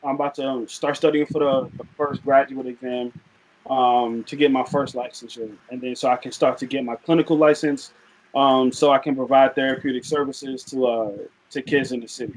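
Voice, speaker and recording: A young man talking as a podcast guest, relaxed and rambling, with frequent fillers in casual chat. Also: medium pitch, normal speed, poor audio.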